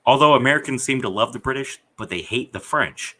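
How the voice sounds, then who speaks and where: A man chatting as a podcast guest, blunt and crude, swearing a lot with dark humor. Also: mid-range voice, a little fast, low-quality recording. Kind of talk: casual chat.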